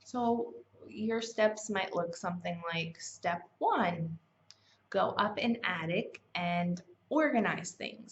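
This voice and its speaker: Woman, casual motivational teacher, chatty, lowish voice, dull lo-fi recording. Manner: conversational, chatty, with fillers and self-corrections. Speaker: self-help challenge host. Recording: slightly dull, lo-fi sound.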